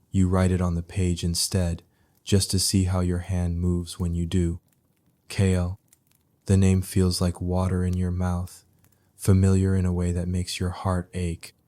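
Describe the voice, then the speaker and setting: Man, deep voice, soothing sleep story narration, hushed, slow and flat. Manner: soft, hushed, unhurried.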